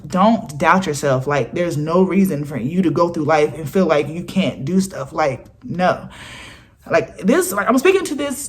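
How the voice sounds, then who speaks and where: A woman, giving an earnest, emphatic motivational talk to camera in a casual vlog style and often acting out what imagined people would say. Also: lowish voice. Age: 20s. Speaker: vlogger.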